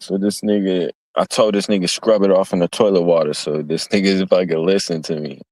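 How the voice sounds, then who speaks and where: A young man with a very low voice tells a rambling, profane story in casual street talk, stopping to act out the other people in it. The sound is dry and close, with no room around him. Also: fairly even intonation, a little fast, darkish tone, dry recording. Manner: acts out quoted voices. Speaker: streamer. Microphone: streaming mic.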